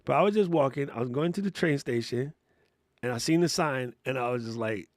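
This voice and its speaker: A man hosting a casual live Q&A, talking in a slangy, excitable way and laughing often. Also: medium pitch, fairly quick, no echo, clean studio sound. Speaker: livestream host.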